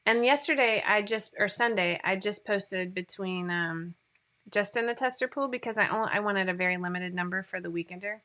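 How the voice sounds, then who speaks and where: Bright-voiced woman rambling on a live sewing stream, laughs at herself a lot. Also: mid-range voice, brisk. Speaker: sewing pattern designer hosting a livestream. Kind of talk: casual livestream chat reading viewer comments.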